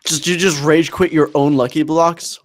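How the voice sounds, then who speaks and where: A man's voice: on the high side, steady tone, normal speed. A young man chatting casually with a friend while they play a game, whiny and playfully dramatic. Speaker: gaming co-player. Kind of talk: casual gaming chat.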